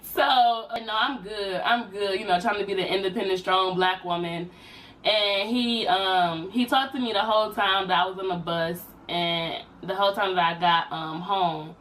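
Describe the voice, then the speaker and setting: A young woman, telling a personal story in a casual vlog and jumping up high for quoted voices. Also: steady tone, moderate pace, a bit bright, far from the mic, poor audio. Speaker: vlogger.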